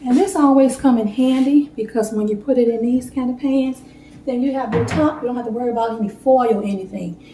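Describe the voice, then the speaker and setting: A woman chatting warmly to viewers as she bakes a cake in her home kitchen. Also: a little high, a little fast, echoey room, a little hiss or hum, rough recording. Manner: chatty, heartfelt, talks straight to viewers. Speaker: home baking vlogger. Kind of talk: casual cooking demo chat.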